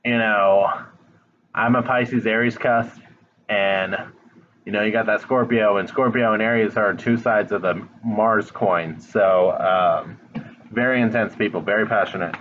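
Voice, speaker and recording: A man's voice: fairly low pitch, fairly even intonation, unhurried, fairly bright tone, lo-fi sound, a little hiss or hum. A man giving a casual tarot reading straight to the viewer, blunt and frank, swearing now and then. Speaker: tarot reader. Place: home, dog nearby.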